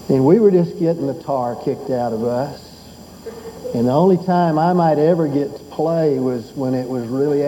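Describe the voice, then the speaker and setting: A man's voice: mid-range voice, mellow, slight background noise, rough recording. An older man preaching a sermon as pastor. He tells folksy stories and builds to fervent exhortation.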